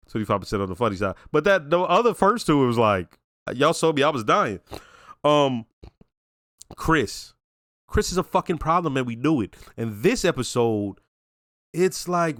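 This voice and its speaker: A man giving casual reaction commentary on a TV episode, talking in a slangy, reflective, animated way. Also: medium pitch, no room sound, studio quality. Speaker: show reaction reviewer.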